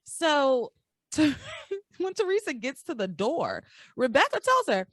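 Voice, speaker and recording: A woman chatting casually as a podcast co-host, her voice sitting a little high and swinging widely as she retells scenes. She slips into quick impressions of the characters. The sound is close and dry. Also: dry recording. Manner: animated, acts out soap characters' lines while retelling. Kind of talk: casual recap chat.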